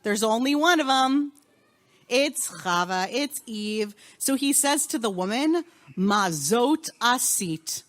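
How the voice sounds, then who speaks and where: Lively woman rabbi, high voice, animated, draws answers from a group. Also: unhurried. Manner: animated, questioning the group and calling on students. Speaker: rabbi and cantor teaching a class. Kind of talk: interactive Torah class. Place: synagogue.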